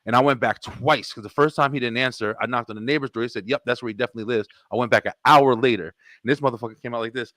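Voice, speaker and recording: A middle-aged man hosting a podcast, telling stories in an animated, profane way. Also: mid-range voice, fast talker, few pauses, dry recording, clean studio sound. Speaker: podcast host. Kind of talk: casual podcast chat.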